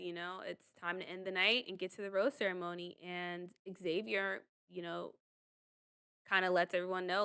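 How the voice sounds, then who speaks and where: A woman's voice: medium pitch, sharp tone, clear, resonant tone. A woman giving a casual, chatty recap of a reality show, retelling scenes with many fillers. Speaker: commentary channel host.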